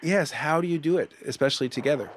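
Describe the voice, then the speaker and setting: A man's voice: on the high side, fast, slight background noise. A man interviewing on a commentary track, asking a long-winded, self-conscious question. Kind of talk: casual interview.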